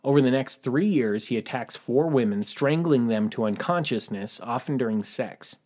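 A man with a mid-range voice reads out a true crime story for a podcast. His narration is dry and even, with the odd deadpan aside. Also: medium pitch, normal speed. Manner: dry, matter-of-fact narration with wry asides. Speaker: podcast host.

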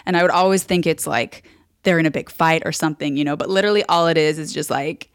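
A woman's voice: deep voice, steady tone, fast talker, clean tone, no echo, studio quality. A woman from Southern California co-hosting a podcast, chatting casually and telling stories with plenty of fillers. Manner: chatty, storytelling, many fillers. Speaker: podcast co-host. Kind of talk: casual chat.

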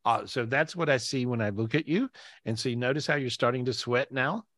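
A man's voice: medium pitch, a little fast, a bit bright, no room sound. Give me an effusive, joking man hosting a spiritual chat over a video call, with dry sound. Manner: effusive, affectionate, jokey. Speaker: spiritual podcast host.

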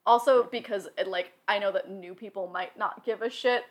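A woman's voice: mid-range voice, moderate pace. A woman in casual podcast chat about tabletop games, laughing often and peppering her talk with "like". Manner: chatty, laughs often, lots of "like".

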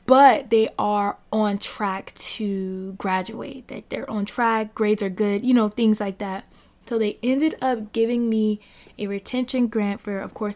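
A woman's voice: medium pitch, darkish tone. A young woman telling her faith testimony in a casual, rambling way, full of fillers and light laughs. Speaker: Christian speaker sharing a testimony.

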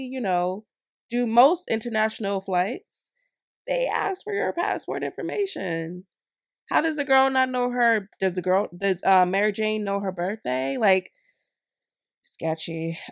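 A woman vlogger giving commentary, indignant and animated, who laughs as she rants. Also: medium pitch, gravelly, no room sound, studio quality. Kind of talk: commentary and storytime.

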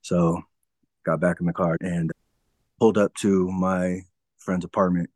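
Man, very low voice, frank storytelling, acts out old conversations, dry close sound. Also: flat delivery, measured pace, darkish tone, dry recording. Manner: frank, laughs through hard memories, acts out past conversations. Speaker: interview guest. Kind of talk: candid personal storytelling.

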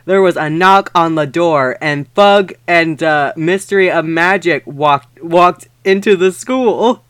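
A man's voice: on the high side, takes it slowly, clean tone, no echo. Man reading a fanfic aloud, dry mic. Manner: deadpan reading, profane asides. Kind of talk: comedic dramatic reading.

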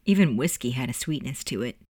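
An audiobook narrator with a middle pitch reads in a measured storytelling way. The sound is dry and close, with no room echo. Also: lively intonation, a little mellow, husky. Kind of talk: scripted narration.

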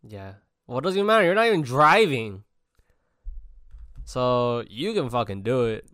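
A young man co-hosting a podcast, loud and animated, swearing freely. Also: medium pitch, a little slow, dry recording, studio quality. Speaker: podcast co-host. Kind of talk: casual chat.

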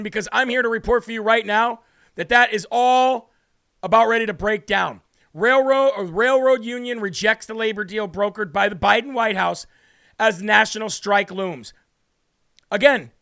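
A man hosting a talk show, ranting loudly and emphatically through political commentary with indignant outbursts. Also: sits high, gravelly.

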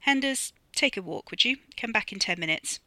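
A cocky young man barking orders, bossy and sure of himself, as a woman reads him. Bright and dry on the mic. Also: a little high, expressive, normal speed, no room sound, pitched above the performer's own voice. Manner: bossy and commanding.

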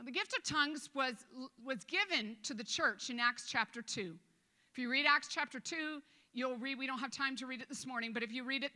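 A woman pastor gives a casual, joking sermon, slipping into quick acted asides. Her voice sits a little high and sounds bright and clear. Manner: conversational and joking, with many restarts and acted asides.

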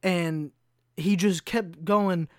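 Profane, animated man ranting on a podcast. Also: high voice, very slow, no room sound, clean studio sound. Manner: mimics customers' voices in stories. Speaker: podcast host. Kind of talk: solo podcast rant.

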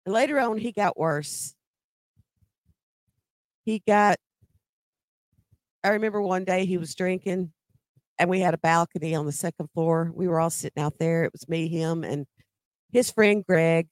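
A woman's voice: on the low side, a little slow, long pauses, dry recording. A middle-aged woman telling a personal story in a conversational way, with emphatic quoted dialogue.

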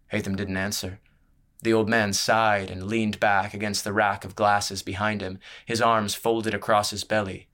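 Man reading a story, low voice. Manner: measured, steady storytelling. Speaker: narrator. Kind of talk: scripted audiobook narration.

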